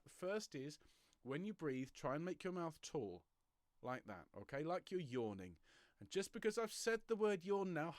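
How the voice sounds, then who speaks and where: A man leading an online choir warm-up from home, giving step-by-step breathing and stretching instructions with an encouraging, jokey manner. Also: a little high, no room sound. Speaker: choir leader. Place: home room, traffic passing outside.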